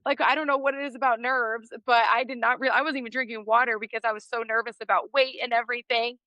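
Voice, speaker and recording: A woman's voice: a little high, fairly even intonation, quick pace, sharp tone, dry recording. A woman in her thirties, a podcast guest, telling a story in a casual interview and laughing often.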